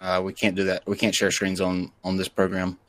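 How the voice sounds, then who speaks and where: A man's voice: low voice, monotone, brisk. A man hosting a live online show, giving step-by-step instructions and joking along the way. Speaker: host.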